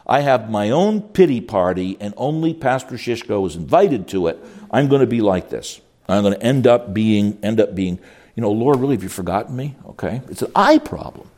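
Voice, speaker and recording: Animated male pastor lecturing a class. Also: fairly low pitch. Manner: animated, repeats words while searching for phrasing; reads scripture aloud slowly. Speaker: pastor teaching a counseling class.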